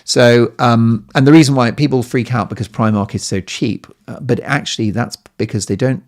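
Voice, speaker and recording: A man hosting a podcast in a casual, playful monologue, jumping now and then to squeaky high exclamations. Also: fairly even intonation, normal speed. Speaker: podcast host.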